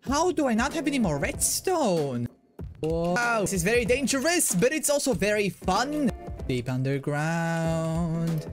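A man giving playful commentary while he plays, thinking aloud, getting excited and making silly sound effects. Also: fairly high pitch. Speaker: Minecraft video creator.

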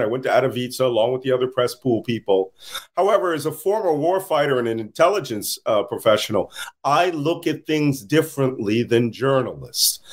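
Tired man guest, mid pitch, animated talker who laughs mid-story, remote call. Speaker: interview guest, security analyst. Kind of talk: casual interview talk.

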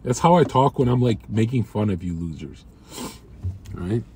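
A man's voice: lowish voice, expressive, normal speed, dark tone, slight background noise. Dude streaming from his car, brash and crude, trash-talking chat. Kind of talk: casual livestream chat.

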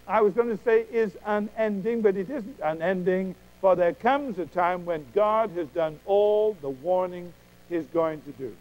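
A man preaching a sermon emphatically, with dramatic pauses, acting out quoted voices. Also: high voice, muffled recording.

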